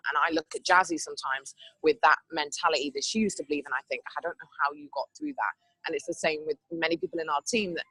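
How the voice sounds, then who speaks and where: A woman from England hosts a motivational talk, telling stories in an animated way and adding sound effects. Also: deep voice, breathy edge, dry recording, poor audio. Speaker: host.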